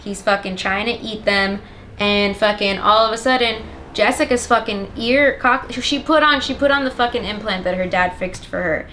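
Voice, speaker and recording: A woman's voice: medium pitch, fairly even intonation, normal speed, pushed and bright, a little hiss or hum. A young woman giving a rambling, sarcastic and profane comedic plot summary of a film. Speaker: comedic movie recapper.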